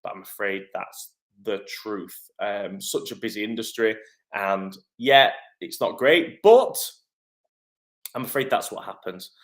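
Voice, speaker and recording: Fairly low and a little slow, the voice belongs to an acting coach and agency head doing a live-stream Q&A from his kitchen. He keeps things upbeat and chatty, using lots of ums.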